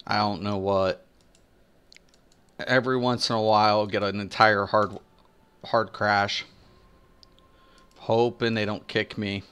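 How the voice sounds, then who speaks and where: Slow, bright-voiced man gaming and ranting. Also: on the low side, level tone, clean tone. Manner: profane, rambling, complaining. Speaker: gaming streamer. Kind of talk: casual gameplay commentary.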